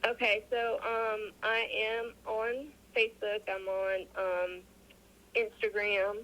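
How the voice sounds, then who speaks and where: A woman's voice: medium pitch, slow, low-quality recording. A woman guest in an interview, telling a personal story casually, acting out the voices of the people she quotes, with many restarts. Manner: animated, acts out quoted dialogue, frequent restarts.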